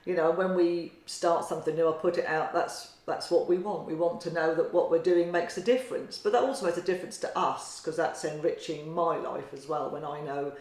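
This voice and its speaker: Deep-voiced Norfolk woman in an echoey room. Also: fairly even intonation, brisk, hardly any pauses. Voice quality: very deep, booming voice. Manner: chatty storyteller, trails off quietly at ends of phrases. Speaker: podcast co-host, tarot reader and meditation teacher. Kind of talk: casual chat. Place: kitchen table at home.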